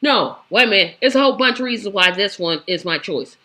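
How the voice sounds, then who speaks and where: A woman's voice: medium pitch, expressive, fast talker, pushed and bright. A woman hosting a political commentary show, talking in a sassy, exasperated way and hammering her points with repetition. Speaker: show host.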